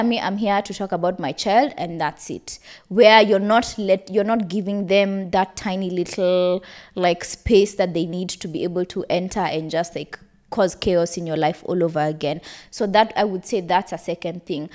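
A woman's voice: fairly low pitch, moderate pace, darkish tone. A young woman hosting a podcast, giving candid, conversational advice with an emotional edge. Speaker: podcast host. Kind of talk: personal advice talk.

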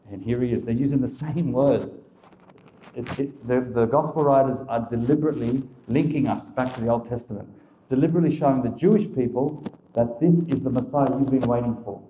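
Male Catholic speaker, mid pitch, warm, emphatic teaching style with rhetorical questions. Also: fairly quick, reverberant, a little hiss or hum. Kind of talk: religious teaching talk.

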